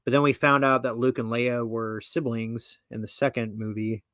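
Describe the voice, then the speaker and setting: A man's voice: medium pitch, little pitch movement, moderate pace, a bit bright, dry recording. A male podcast host with a mid-range voice reads an article aloud and riffs on it. He rambles, swears freely and trails off into asides. The sound is dry and close. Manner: profane, rambling, full of fillers and asides. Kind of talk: casual commentary, reading an article aloud.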